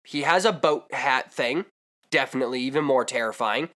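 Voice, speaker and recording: A man's voice: medium pitch, moderate pace, bright, forceful tone. A young man vlogging, telling a comedic story with exaggerated asides and rambling digressions.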